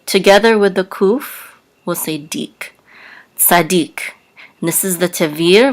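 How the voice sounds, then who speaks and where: Slow, low-voiced woman teaching. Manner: patient, spells out sounds letter by letter. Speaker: Hebrew teacher. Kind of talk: slow spoken lesson.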